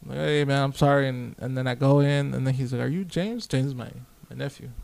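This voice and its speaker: Speaking fast in a gravelly, slightly mellow mid-range voice with a level tone, a young man tells a long story on a podcast. He's laid-back and profane, acts out both sides of the conversation, and quotes himself a lot.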